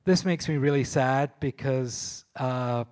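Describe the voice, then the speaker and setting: A man's voice: mid-range voice, takes it slowly, darkish tone. A man from Scotland with a Scottish accent, a photographer telling enthusiastic, laughing stories at a live panel talk, with frequent restarts. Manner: enthusiastic storyteller, laughs often, restarts and fillers. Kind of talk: anecdotal talk at a public event.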